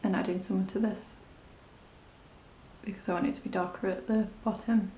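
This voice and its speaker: A woman's voice: mid-range voice, fairly even intonation, normal speed, warm tone, reverberant, a little hiss or hum. A woman talking through a makeup tutorial in a chatty, rambling, self-deprecating way. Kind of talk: casual step-by-step tutorial narration.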